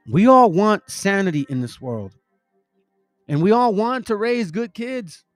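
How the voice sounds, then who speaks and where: A man's voice: high-pitched, no room sound. A middle-aged man hosting a casual preaching monologue, rambling and slangy, calling his listeners family and bro. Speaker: religious channel host.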